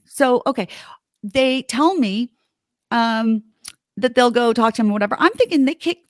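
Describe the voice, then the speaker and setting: A woman's voice: on the high side, animated, moderate pace, dry recording, studio quality. A middle-aged woman, a podcast host, telling a story in a heated, indignant way with plenty of swearing. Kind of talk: casual podcast chat.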